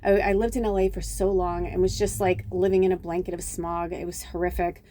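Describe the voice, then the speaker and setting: A woman's voice: fairly low pitch, brisk. A middle-aged woman from Chicago, a spiritual medium, telling a rambling, digressive personal story in a casual vlog, swearing now and then and acting out quoted dialogue. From Chicago, USA. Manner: acts out quoted dialogue with lively reactions.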